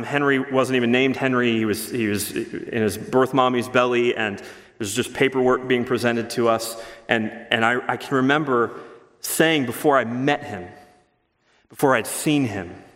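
A male pastor preaching a sermon, earnest and emphatic, rushing through asides and slowing down to stress key words. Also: medium pitch, fairly bright tone. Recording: long hall reverb.

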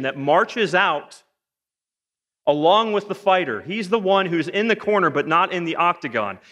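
A man preaching a sermon in a lively, joking way, firing off rhetorical questions. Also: on the high side. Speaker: pastor. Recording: long hall reverb.

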